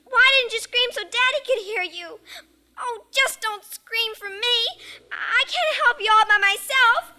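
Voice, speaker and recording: A woman's voice: extremely high pitch, measured pace, sharp tone, heavily acted. A frantic little girl. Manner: pleading, breathless, frantic. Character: frightened, insistent young girl. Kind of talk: 1950s radio drama acting.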